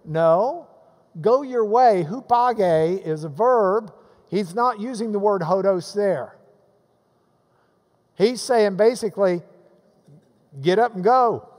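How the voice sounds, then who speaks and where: Male pastor, high voice, animated sermon delivery, acts out quotes, big reverberant hall. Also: slow pace, long pauses.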